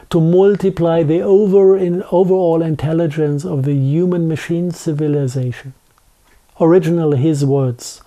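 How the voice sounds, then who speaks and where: A man's voice: fairly high pitch, dark tone. Man with a thick German accent. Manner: halting, with many restarts and fillers. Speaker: guest. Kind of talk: conversational interview.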